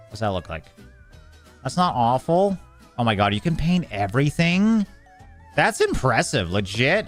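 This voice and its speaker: A young man streams a building game and talks through every move in a loose, chatty way. He mocks himself and jumps to sudden excitement, his voice sitting in a middle register. Faint music plays under his talk. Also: mid-range voice. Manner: chatty, self-mocking, easily excited. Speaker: gaming streamer. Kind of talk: casual gameplay commentary.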